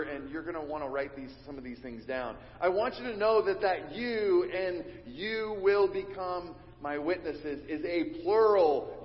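A man preaching a sermon as pastor, teaching and leading his congregation in call and response. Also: on the high side. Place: church sanctuary. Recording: dull recording in a reverberant church hall.

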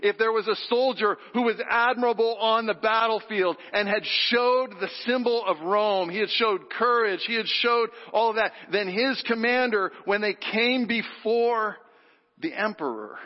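A man preaching a sermon, animated, leading the congregation in call-and-response. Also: sits high, a little slow. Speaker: pastor. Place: church sanctuary. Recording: dull sound with long hall reverb.

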